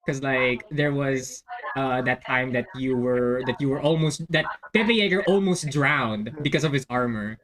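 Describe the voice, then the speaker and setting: A man's voice: medium pitch, moderate pace, a bit bright. A man, host and dungeon master, chatting casually with friends and telling a game story, often restarting sentences. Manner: rambling, restarting sentences, many fillers. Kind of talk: casual chat among friends.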